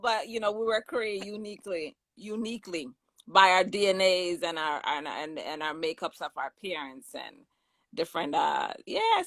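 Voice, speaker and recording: A talk show host in a casual discussion, speaking with lively enthusiasm. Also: medium pitch, dry recording. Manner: lively and enthusiastic, laughs often.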